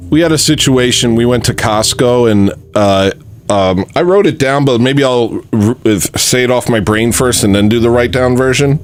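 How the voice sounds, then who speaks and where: A man's voice: mid-range voice, moderate pace. A man hosting a livestream, casually rambling through jokes and putting himself down. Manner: rambling, self-deprecating, drops into mumbles. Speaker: livestream host. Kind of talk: casual chat, trying out jokes.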